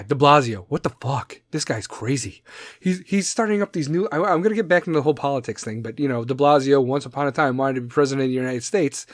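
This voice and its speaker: Podcast host, male, Chicago accent, profane political rant, slightly high voice, dry close sound. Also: no room sound. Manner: loud, profane, rambling, does mocking voices.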